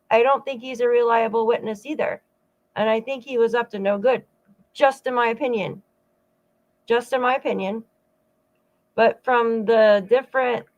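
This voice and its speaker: A woman hosting a true-crime channel gives rambling, casual commentary over clips, with frequent asides to her viewers. Her voice is a little high, and the sound is lo-fi.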